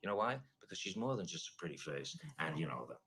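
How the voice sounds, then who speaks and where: Boastful man with a lively low voice. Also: quick pace, slightly rough, rough recording. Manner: boastful, cuts others off. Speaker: comedic actor playing a brash tycoon. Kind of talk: improvised comedy sketch.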